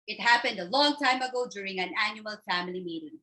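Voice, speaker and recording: A woman's voice: medium pitch, lively intonation, fast, bright, forceful tone. A woman, delivering a humorous contest speech as theatrical storytelling that switches between character voices. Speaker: contest speaker.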